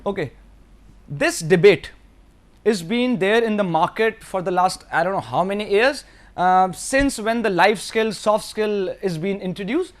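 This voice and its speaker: A man's voice: sits high, measured pace. A man from Delhi with an Indian English accent, giving a course lecture to students in an earnest, repetitive way and now and then slipping into Hindi.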